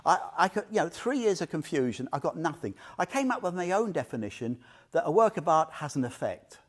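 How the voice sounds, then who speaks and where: A man's voice: a little high, sing-song, a little fast. An older man giving an informal Buddhist talk, chatty and heartfelt, often checking in with "yeah?" and "you know". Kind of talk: informal Dharma talk with personal stories.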